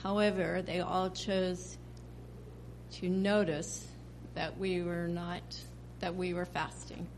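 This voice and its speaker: A woman from the parish puts her question to the priest, unhurried and pausing often. Her voice sits on the low side. A faint hum runs behind her. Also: flat delivery, a little mellow. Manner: measured, hesitant, pausing. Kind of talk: casual question.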